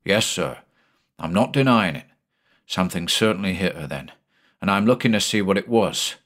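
A man doing a steady, cautious ship's mate. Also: deep voice, moderate pace. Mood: uneasy. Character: steady, cautious first mate of a sailing ship.

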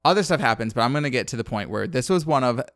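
A man casually retelling a film's plot, animated and acting out the characters' lines. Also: mid-range voice, very fast, no echo, clean studio sound. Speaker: podcast co-host recapping a film. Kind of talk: casual chat.

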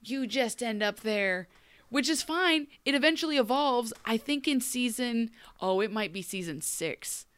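A woman's voice: a little high, lively intonation, a little slow, a bit bright, clear, resonant tone, dry recording. A woman co-hosting a podcast in casual chat, gushing about a TV show, laughing often and acting out characters' lines. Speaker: podcast co-host.

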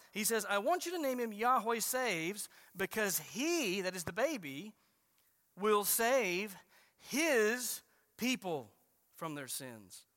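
A man preaching a sermon as a pastor, stressing key phrases slowly and emphatically. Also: sits high, sharp tone. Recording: reverberant hall.

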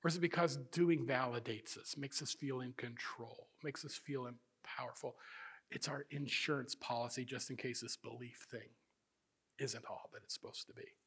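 A middle-aged man preaching a sermon as pastor, swinging between loud emphasis and hushed, intimate passages. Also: medium pitch, fairly even intonation, moderate pace, husky.

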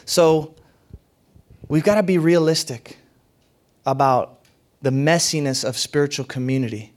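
A man preaching a sermon as pastor, emphatic and animated, with big swings in loudness. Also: fairly high pitch, a little slow. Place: church hall.

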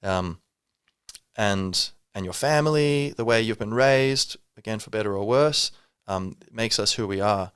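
A man's voice: on the low side, unhurried, fairly bright tone, clean tone, no room sound, studio quality. A man hosting a solo podcast, talking reflectively and rambling, with many fillers and restarts. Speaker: podcast host.

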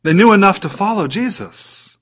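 Pastor preaching an animated sermon. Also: male voice, sits high, normal speed, husky, highs cut off. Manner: animated, reads scripture aloud, asks the listeners questions.

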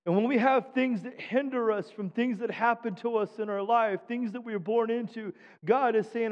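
A man's voice: very high-pitched, steady tone, moderate pace, few pauses. A middle-aged man preaching a sermon as pastor, emphatic and calling out for amens from the congregation. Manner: emphatic preaching with frequent call-outs for amen. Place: church sanctuary. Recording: dull sound with long hall reverb.

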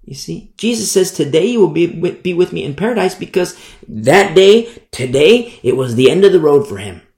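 A man preaching a Bible sermon in a conversational way, repeating and restarting phrases and slowing down to stress key words. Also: a little high, expressive, a little mellow, echoey room.

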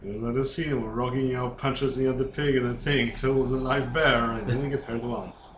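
A man's voice: medium pitch, steady tone, normal speed. A man playing a tabletop game, tossing in jokes and quips from the side. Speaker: player. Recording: echoey room with background noise.

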